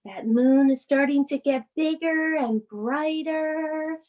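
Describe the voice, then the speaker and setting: A woman guides children through a bedtime yoga session in a soft, soothing, sing-song voice. She speaks high and unhurried, drawing out each phrase as she reads a picture book between poses. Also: dull audio. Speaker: yoga instructor. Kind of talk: children's bedtime yoga class with storybook reading.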